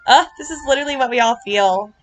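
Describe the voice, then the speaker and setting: A woman giving casual reaction commentary on a video, gushing and earnest, with lots of fillers and quick apologies. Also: a little high, slight background noise. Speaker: vlogger reacting to her club's riding routine.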